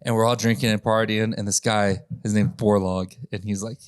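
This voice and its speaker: A man's voice: fairly low pitch, a little fast, dry recording. A man rattles off rowdy stories at speed, swearing freely and laughing as he goes. He acts out the people in them now and then. The sound is dry and close, with no room around it. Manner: profane, laughing, animated retelling with quoted voices. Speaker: podcast host telling stories. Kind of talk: casual chat, storytelling.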